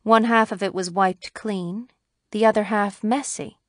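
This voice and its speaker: A woman narrating a classic short story in a measured, even storytelling manner. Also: medium pitch, no room sound, clean studio sound. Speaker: audiobook narrator.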